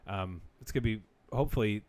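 A man in his thirties co-hosting a casual podcast, telling stories with animated energy and frequent laughs. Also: fairly low pitch, fast. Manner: animated storyteller, laughs often. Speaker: podcast co-host. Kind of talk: casual chat.

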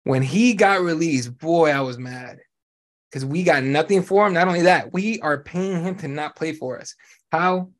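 A male podcast host ranting about sports in loose, casual chat. He talks bluntly and swears freely, with a voice sitting a little higher than most men's. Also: moderate pace. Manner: blunt, profane, animated ranting.

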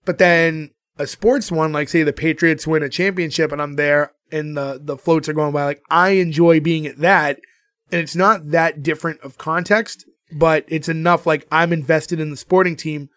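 A man's voice: on the high side, steady tone, moderate pace, fairly bright tone, no echo, studio quality. A man from Boston co-hosting a podcast, chatting casually and rambling with lots of fillers. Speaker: podcast co-host.

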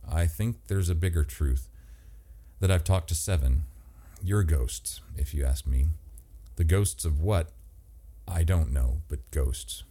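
A man doing a blunt, gruff older husband. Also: rumbling low, slow pace, mellow, full character voice.

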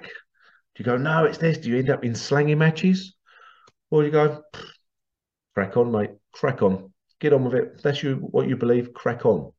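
A man holds forth on his own podcast in an indignant, sarcastic rant, cursing freely as he goes. His voice sits at an ordinary middle pitch. The recording is a bit dull and lo-fi. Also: a little mellow. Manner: ranting, indignant and sarcastic, swears casually. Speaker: podcast host. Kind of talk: opinionated podcast monologue.

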